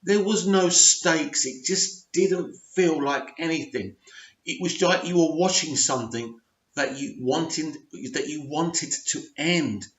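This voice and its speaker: A man's voice: on the high side, slow pace. A man giving an unscripted, frustrated rant as a TV review vlogger, full of emphatic rhetorical questions. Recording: roomy, dull lo-fi sound.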